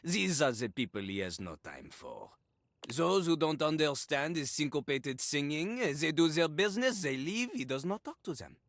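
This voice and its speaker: A man's voice: fairly high pitch, very animated, moderate pace, fairly bright tone, dry recording, studio quality. An actor voicing a cocky, boastful male toilet character in a game, rapping in rhyme and hyping himself up.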